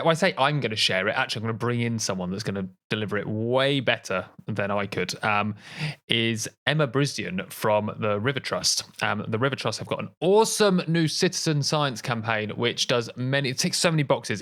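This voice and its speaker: A young man co-hosting a casual nature podcast, playful and quick to laugh. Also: mid-range voice. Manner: playful, laughs often, animated. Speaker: podcast co-host.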